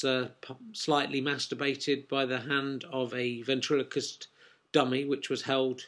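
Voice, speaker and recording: A man's voice: medium pitch, fairly bright tone. A man in his forties, a comedian and podcast host, giving a rambling, wry promotional monologue full of ums and uhs.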